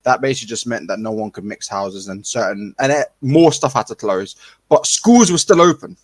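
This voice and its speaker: A man's voice: mid-range voice, animated, a little fast, slightly rough, dry recording. Chatty man explaining. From United Kingdom. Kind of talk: casual podcast chat.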